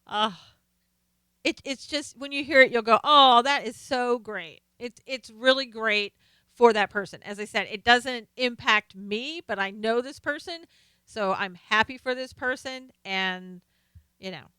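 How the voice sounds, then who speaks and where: A middle-aged woman hosting a casual live stream, chatting with viewers and reading their comments, excitable, laughing and exclaiming often. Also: a little high, measured pace, smooth, dry recording.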